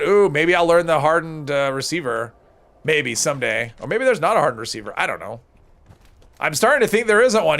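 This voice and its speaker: A man talks through a game on a live stream, rambling to his chat and often correcting himself mid-thought. His voice sits a bit high for a man, with a gravelly rasp. His pitch swings up and down a lot. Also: a bit bright. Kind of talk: casual gameplay commentary while reading chat.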